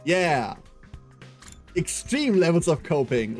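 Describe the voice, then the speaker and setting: A man's voice: mid-range voice, animated, a little fast, darkish tone, soft background music. A young male streamer reading a visual novel aloud and tossing in crude, sarcastic asides.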